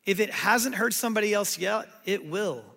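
A pastor delivers a sermon at moderate pace, with a high-pitched, gravelly voice. Animated, he voices the people in his story, and the sanctuary leaves long reverb after each phrase.

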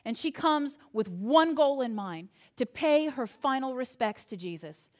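A woman with a bright, high voice delivers a sermon. She retells the story in an animated, conversational way and slips in casual jokes along the way. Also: a little slow. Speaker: preacher.

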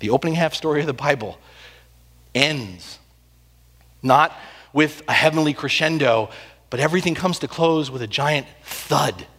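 A man preaching a sermon, telling the story with animated swings between loud and hushed delivery. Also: a little high, moderate pace, pauses often. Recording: long hall reverb.

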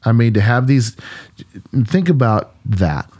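A man's voice: mid-range voice, animated, measured pace, warm tone, husky. A man, a pastor co-hosting a podcast, retelling a Bible story in an earnest, musing conversational way, with frequent restarts.

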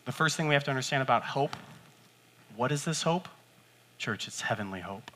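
A male pastor delivering a sermon with a bright, forceful voice at a middle pitch. He talks to the congregation conversationally, acting out quotes and leaping up in pitch to stress a point. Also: animated, a little fast. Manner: conversational preaching with acted-out quotes and sudden pitch jumps.

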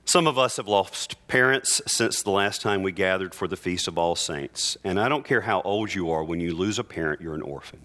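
A middle-aged man preaches a sermon from the altar of a church. His voice is bright and forward, moving from quiet, heavy sorrow to strong, insistent proclamation, with a conversational, heartfelt manner. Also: normal speed, hardly any pauses. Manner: earnest, heartfelt preaching that drops soft and low in grief and rises emphatic. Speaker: priest.

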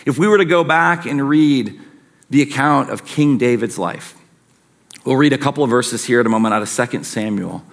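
Man, pastor, sermon, earnest, emphatic, middle pitch. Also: moderate pace, gravelly. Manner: earnest, emphatic preaching with rising and falling intensity.

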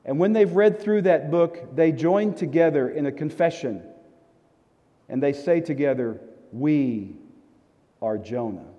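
A pastor preaching a sermon, telling a story with animated, emphatic repetitions. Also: male voice, fairly high pitch, normal speed, lo-fi sound. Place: church sanctuary in a desert city. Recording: long reverb of a large hall.

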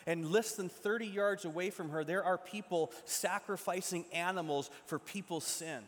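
A male preacher tells the story dramatically, dropping to a hush and then building back up. His voice sits a little high. The sound rings with the long reverb of a large hall. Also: normal speed. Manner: dramatic retelling, shifts from loud to hushed. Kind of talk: sermon storytelling.

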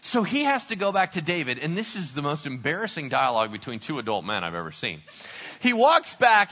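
A man's voice: on the high side, very animated, fast, sharp tone, dull audio. A man preaching a sermon, telling the story with humor and acting out the characters' voices. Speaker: pastor.

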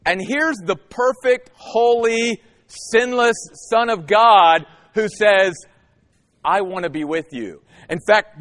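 A man preaching a sermon as a pastor, emphatic and animated, with dramatic pauses. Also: high voice. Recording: long hall reverb.

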